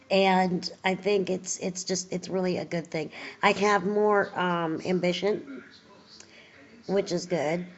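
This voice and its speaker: A woman talking slowly and loosely in a home video, rambling with plenty of fillers and pauses. She sounds tired, like someone still recovering from surgery. The sound is dull and lo-fi, and her voice sits a bit low. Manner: chatty, rambling, many fillers. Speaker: vlogger. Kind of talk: casual video update.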